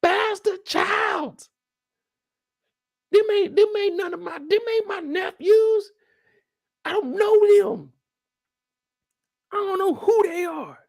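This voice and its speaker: A man doing a shrill, outraged old nobleman. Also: slow, creaky, long pauses, heavily acted. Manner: shrill, indignant protesting.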